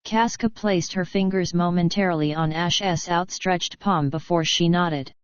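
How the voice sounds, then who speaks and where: A woman narrating an audiobook in a measured, even reading. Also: lowish voice, no echo, muffled recording. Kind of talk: scripted narration.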